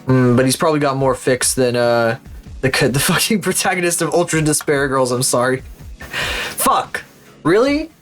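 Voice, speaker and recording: A man's voice: medium pitch, expressive, brisk, soft background music. A young man streaming live, commenting as he plays, swearing often and mumbling names aloud as he guesses.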